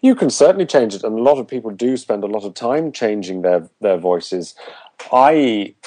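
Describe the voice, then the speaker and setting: A man who coaches voices and once worked as a voiceover artist, giving measured, articulate answers in an interview. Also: fairly low pitch, lively intonation, warm tone.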